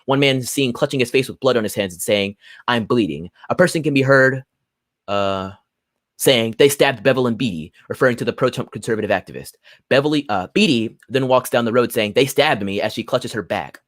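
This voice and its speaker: A young man hosting a solo political livestream, swinging from loud angry rants to low muttered asides as he reads articles aloud. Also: brisk, dry recording, studio quality. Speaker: livestream host. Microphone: phone or computer mic at a desk.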